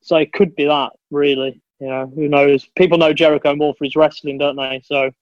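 A man with a slightly high voice tells stories with eager, chatty enthusiasm and keeps calling his friend mate. His voice comes through dull and lo-fi, with a dry, close sound and no room echo. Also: little pitch movement, a little fast. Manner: chatty, enthusiastic storyteller, says "mate" a lot. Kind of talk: casual chat.

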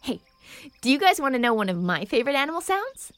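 A woman with a high, lively voice hosts a children's nature show. She reads her script in a bubbly, playful way, and her pitch swings widely from line to line. Clear music plays under her voice. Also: quick pace, dry recording. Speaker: show host.

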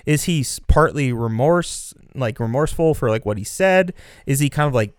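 A man's voice: medium pitch, animated, normal speed, clear, resonant tone, no room sound, clean studio sound. A man co-hosting a casual film discussion, enthused and emphatic, filling his speech with "like" and "so". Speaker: podcast co-host.

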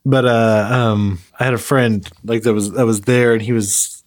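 A man's voice: fairly low pitch, fairly even intonation, moderate pace. Laughing man telling a story. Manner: storytelling, laughs often, many restarts. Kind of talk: casual chat.

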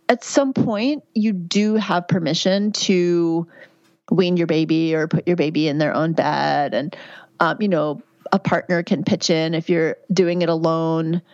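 Midwife guest in her fifties: frank, chatty woman, low voice, muffled dry mic. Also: no room sound. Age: 50s. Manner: warm, chatty, candid. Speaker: guest, midwife and health author. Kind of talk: conversational interview answers.

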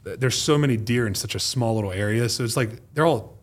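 A man's voice: mid-range voice, a little fast, slight background noise. A man from the eastern United States, a podcast guest telling a rambling, profane hunting story in casual chat. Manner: rambling, profane, acts out quotes.

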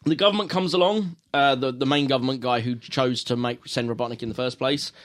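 A man from the UK talks through a film plot in a relaxed podcast chat. He rambles, stops to correct himself and fills the gaps with ums, at an everyday middle pitch. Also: fairly quick. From United Kingdom. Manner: rambling recaps with fillers and self-corrections. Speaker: podcast co-host. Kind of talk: casual film review chat.

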